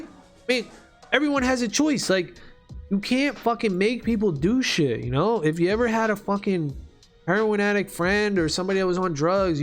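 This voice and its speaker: A man ranting casually and profanely while playing a game, with faint music behind him. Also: high-pitched. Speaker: video creator.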